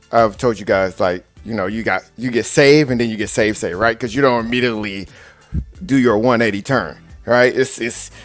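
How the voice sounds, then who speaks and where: A man's voice: on the low side, no room sound. A man co-hosting a radio show, telling a personal story in an earnest, casual way.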